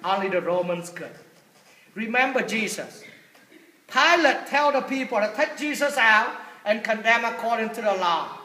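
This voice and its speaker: Man, priest, homily, animated storyteller, very high voice, bright, echoey church. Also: moderate pace. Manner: animated storytelling with humor, shifting loud and soft.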